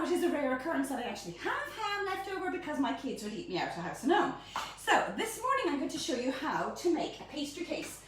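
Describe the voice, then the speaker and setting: Middle-aged woman, bubbly home baking host, high voice; phone mic at a distance in an echoey kitchen. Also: a little hiss or hum. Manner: bubbly, chatty and animated. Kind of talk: live-streamed cooking demonstration. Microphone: phone camera held by a helper at a distance.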